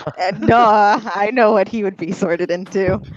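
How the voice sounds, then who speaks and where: A man's voice: high-pitched, steady tone, normal speed, no echo, highs cut off. A man playing a tabletop game, joking in a playful manner. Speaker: player.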